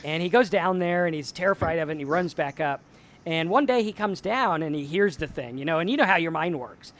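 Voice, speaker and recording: Male host, slightly higher voice, reflective storyteller, casual talk. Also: animated, brisk, a bit bright. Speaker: show host.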